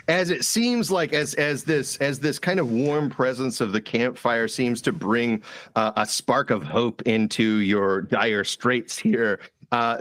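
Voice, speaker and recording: A man narrating a tabletop role-playing game as game master, halting with many fillers and repeated words. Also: medium pitch, fairly bright tone, no echo.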